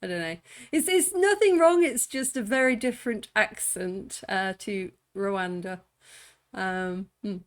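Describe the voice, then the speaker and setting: A woman's voice: mid-range voice, lively intonation, measured pace. A woman casually reacting to a travel video, chatty and jokey, laughing often. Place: indoors at home.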